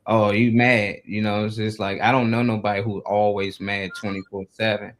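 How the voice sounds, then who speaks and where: A man's voice: fairly low pitch, fairly quick, slight background noise. A man talking casually on a talk show, building his point with lots of "like" and "you know", and now and then acting out the voices of others. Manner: animated, acts out yelling coaches and sergeants.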